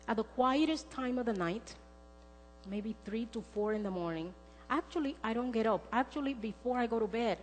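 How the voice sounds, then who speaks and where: Woman preaching in a reverberant church. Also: medium pitch. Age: middle-aged. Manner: earnest, storytelling, acts out quoted dialogue. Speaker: speaker. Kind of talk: sermon with personal testimony. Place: church sanctuary. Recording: long church reverb, faint music.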